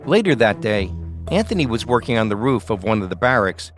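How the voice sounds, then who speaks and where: A man narrating a documentary podcast in a measured, scripted storytelling manner. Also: fairly low pitch, big pitch swings, faint music behind.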